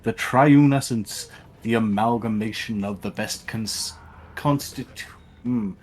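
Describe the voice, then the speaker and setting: Man voicing an old tech-priest scientist, low voice, grandiose, lecturing, read-aloud game dialogue. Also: measured pace, a little mellow, a little hiss or hum, natural voice.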